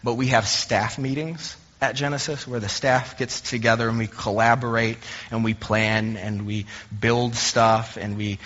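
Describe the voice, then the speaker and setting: A man's voice: mid-range voice, fairly even intonation, unhurried, few pauses, a bit bright. A young adult man preaching a sermon as a pastor, telling humorous, self-deprecating stories in a conversational way. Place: church sanctuary. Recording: dull recording in a reverberant hall.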